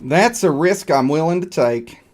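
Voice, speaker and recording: A man's voice: fairly high pitch, animated, unhurried. A man streaming a video game, chatting casually in a rambling, joking, self-deprecating way. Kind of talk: casual live-stream chat over gameplay.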